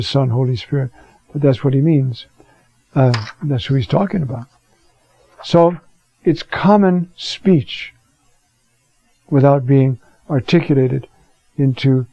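A priest giving a conversational teaching sermon, with rhetorical questions and frequent fillers. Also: male voice, mid-range voice, gravelly, warm tone, dry recording. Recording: dull lo-fi recording.

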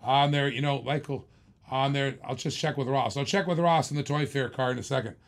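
A man hosting a live-stream auction, pitching items in a hyped, repetitive salesman patter. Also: a little fast.

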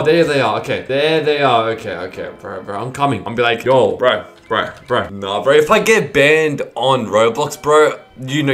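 A man's voice: medium pitch, a bit bright. Rambling young-sounding gaming YouTuber man. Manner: rambling, stammering, repeats 'bro' constantly. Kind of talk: casual gaming commentary.

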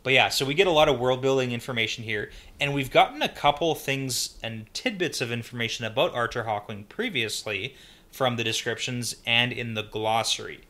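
A man co-hosts a book podcast, laying out story background in a steady, explanatory way and agreeing often with his partner. His voice is bright and of ordinary pitch. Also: fairly quick. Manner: explanatory, even-toned, frequent agreeing "yeah". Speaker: podcast co-host. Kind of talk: casual book discussion.

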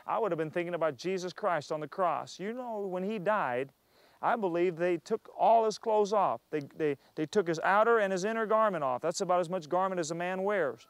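Male storyteller, high voice, animated, preachy asides, dry close sound. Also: fairly quick, no room sound. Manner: animated, acts out characters. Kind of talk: oral storytelling with sermon asides.

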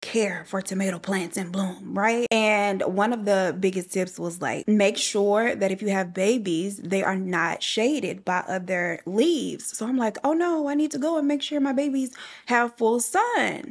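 Chatty woman telling a dramatic story. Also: medium pitch. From United States. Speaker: YouTuber. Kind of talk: casual chat to camera. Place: at home by a window.

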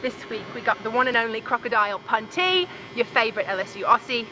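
A woman's voice: a little high, lively intonation, fast, sharp tone, a little hiss or hum, rough recording. A woman in her twenties hosting a comic sports challenge, teasing and putting on an exaggerated mock Australian accent. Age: 20s. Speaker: host.

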